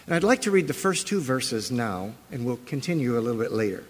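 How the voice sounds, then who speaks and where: A man's voice: medium pitch, very animated, brisk. A male pastor preaching a sermon, telling the story with animation and putting questions to the congregation. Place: church sanctuary. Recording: long reverb of a large church hall.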